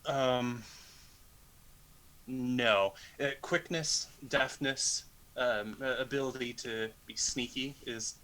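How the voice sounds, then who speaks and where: Dude playing a flustered cleric guy, stumbles over words, bright voice. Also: medium pitch, fairly even intonation, slow, rough recording. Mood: awkward. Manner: hesitant, many fillers and restarts. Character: awkward adult male cleric, hesitant and embarrassed.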